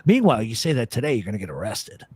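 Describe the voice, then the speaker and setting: A man's voice: lowish voice, sing-song, very fast, darkish tone, husky. A man hosting a talk show, telling stories and arguing his points bluntly, with plenty of swearing. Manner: profane, blunt storyteller. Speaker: radio show host. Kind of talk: casual chat, storytelling.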